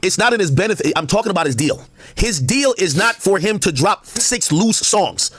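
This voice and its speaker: A man's voice: sits high, animated, moderate pace, a bit bright, slightly rough, no room sound. A man on a livestream arguing a point emphatically, repeating words as he cuts in. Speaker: streamer. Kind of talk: livestream debate.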